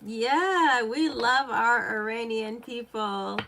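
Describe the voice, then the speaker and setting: A woman's voice: fairly high pitch, slow, creaky, fairly bright tone. A woman from Iraq, a native Arabic speaker, giving a rambling, chatty live tarot reading and talking straight to her viewers. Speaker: tarot reader.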